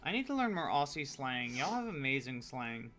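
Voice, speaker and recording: Chatty man with bright tone. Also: mid-range voice, sing-song, normal speed, faint music behind. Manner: chatty, joking, explains steps as he paints. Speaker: streamer painting miniatures. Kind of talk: casual chat while painting.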